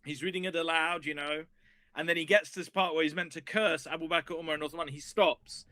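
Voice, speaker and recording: A man who is a guest historian, telling a story in a casual, animated way that rambles with many restarts. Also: fairly high pitch, fairly quick.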